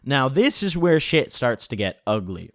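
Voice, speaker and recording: A man's voice: medium pitch, sing-song, unhurried, fairly bright tone, no room sound, clean studio sound. A young man telling a profane, joking story in a casual vlog. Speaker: vlogger.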